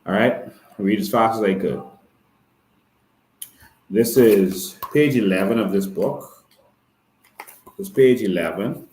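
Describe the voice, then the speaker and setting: A man's voice: on the low side, slow, long pauses, darkish tone, reverberant, poor audio. Fiery Bahamian man on a livestream. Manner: fiery and emphatic, often asks "all right?". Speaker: activist hosting a live stream. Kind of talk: impassioned livestream talk.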